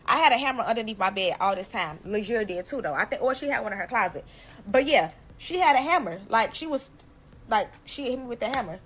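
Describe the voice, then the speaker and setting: A woman telling a personal story in a casual storytime, animated and emphatic, cursing freely. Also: fairly high pitch, brisk, slight background noise.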